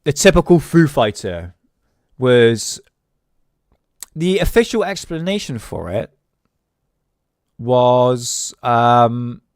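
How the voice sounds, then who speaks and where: A man's voice: medium pitch, sing-song, takes it slowly, pauses often, a little mellow, no room sound. Rambling man, dry close mic. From England. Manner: rambling, with many fillers and restarts. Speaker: host. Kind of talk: casual solo video talk.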